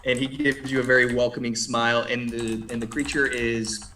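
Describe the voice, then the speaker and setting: A man narrating as game master in a tabletop game, measured and halting. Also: medium pitch, flat delivery, bright, forceful tone, slight background noise.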